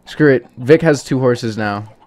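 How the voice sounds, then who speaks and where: A man's voice: medium pitch, unhurried, darkish tone. A man doing let's play commentary of a game, exasperated and pleading, with jokey asides. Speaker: gaming youtuber.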